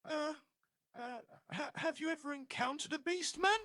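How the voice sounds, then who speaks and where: A man with a Scottish accent voicing a nervous male woodsman in a tabletop game, stammering and sinking into hushed tones. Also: very high voice, normal speed, no echo. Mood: hesitant. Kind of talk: in-character tabletop role-play.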